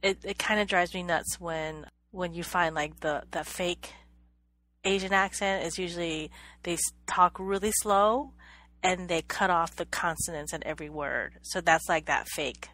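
A woman co-hosting a podcast, chatting casually in a slightly low voice. She hesitates, restarts and repeats her words, and laughs often. The sound is dry and close, with no room echo. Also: steady tone, unhurried, fairly bright tone. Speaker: podcast co-host. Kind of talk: casual chat.

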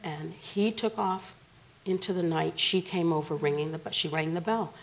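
A woman guest on a TV talk show, retelling events in a casual and vivid way. Her voice is low with a gravelly, creaky texture. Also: steady tone, moderate pace, rough recording. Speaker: guest, bereaved mother. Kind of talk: personal storytelling in a TV interview.

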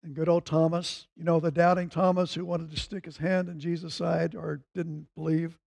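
A pastor delivers a Sunday sermon, reading scripture aloud and raising his voice with growing emphasis whenever he quotes the speakers. He speaks at a normal speed in a fairly high, level voice that is creaky and darkish in tone.

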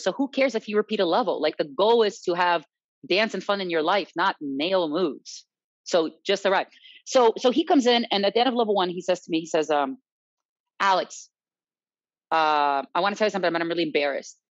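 Female guest, salsa instructor, animated storyteller; muffled, dry sound. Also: mid-range voice, no room sound. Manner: animated, quotes others, tag questions "right?". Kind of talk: casual storytelling chat. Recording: dull lo-fi dry recording.

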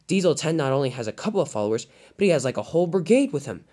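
A reader doing a hurried little tank engine. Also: mid-range voice, big pitch swings, warm tone. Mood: worried. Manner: hurried, worried.

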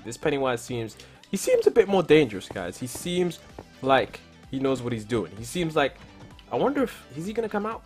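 A young man doing casual Minecraft commentary who keeps talking to his viewers and bursts into shouts when something goes wrong. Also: fairly high pitch. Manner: excitable, talks to viewers, repeats "guys", bursts into shouts. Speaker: gaming YouTuber.

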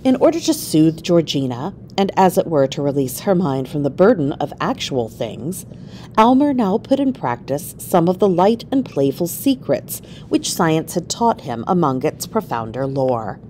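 A woman narrates a classic story aloud in a measured, expressive reading. Her voice sits low but moves a lot in pitch. The pace stays steady. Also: slight background noise. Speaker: reader.

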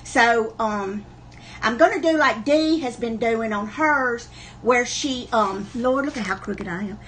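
A woman's voice: fairly high pitch, a little slow, fairly bright tone, slight background noise. A woman hosting a live online sale, chatting in a folksy way and greeting viewers by name. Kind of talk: livestream chat. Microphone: camera on a wobbly tripod.

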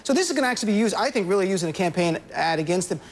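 Male comic pundit, rapid-fire, husky, jokey, argumentative. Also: high voice. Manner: fast, animated, joking argument. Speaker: comedian and political commentator. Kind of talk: TV news panel commentary.

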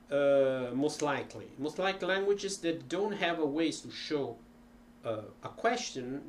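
A man teaching languages in an unhurried, hesitant way, demonstrating phrases aloud. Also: fairly high pitch, fairly bright tone, slight background noise. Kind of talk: informal language lesson.

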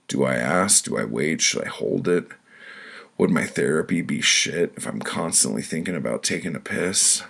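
A middle-aged man with a very low, gravelly voice reads his own prose poems aloud. His telling is blunt and deadpan, with a husky edge and plenty of swearing. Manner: blunt, profane, deadpan storytelling. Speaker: author reading his own book. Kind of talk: audiobook reading of prose poems.

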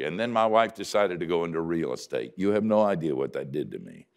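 An older man, a pastor, telling a story in a sermon with dry self-mocking humor, swinging from loud emphasis to hushed quiet. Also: deep voice, very animated, fairly quick, creaky, few pauses.

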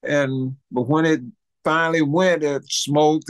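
Speaking at a moderate pace with a medium pitch, an 80-something guest musician from Mississippi animatedly tells a story in an interview, repeating lines and acting out noises. No room sound is audible.

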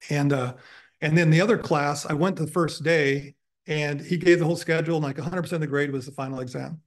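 A man's voice: fairly high pitch, steady tone, quick pace. A man in his sixties giving a guest lecture, telling long self-deprecating stories with many fillers. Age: 60s. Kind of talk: anecdotal lecture storytelling. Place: university lecture room.

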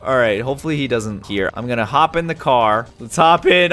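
A young man giving excited gameplay commentary as a YouTuber, hyper and shouty, often squealing and laughing. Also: mid-range voice, fairly quick, soft background music. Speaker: gaming YouTuber.

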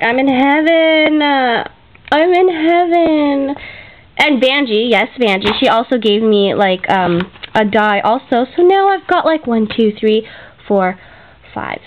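A woman's voice: a little high, a little hiss or hum. Gushing, fillers-heavy woman on lo-fi video. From Canada. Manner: gushing, grateful, chatty with many fillers. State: emotional, near tears. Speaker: craft vlogger. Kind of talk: casual unboxing vlog. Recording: dull lo-fi home video audio.

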